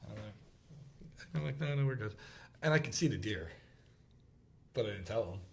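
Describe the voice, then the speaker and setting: Animated man spinning a hunting yarn. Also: on the low side, vocal fry. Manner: animated storyteller acting out quotes, quick laughs. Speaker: podcast host. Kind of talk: casual storytelling chat. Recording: roomy with faint background noise.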